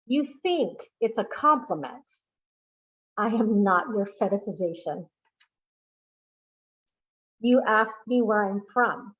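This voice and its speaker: A woman poet giving a deliberate, emphatic poetry reading over a video call. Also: fairly high pitch, lo-fi sound.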